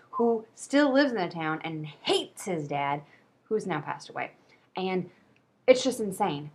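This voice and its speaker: A woman's voice: medium pitch, slightly rough. Chatty woman reviewing a book. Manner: chatty, rambling, self-deprecating. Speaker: book vlogger. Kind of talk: casual book review chat.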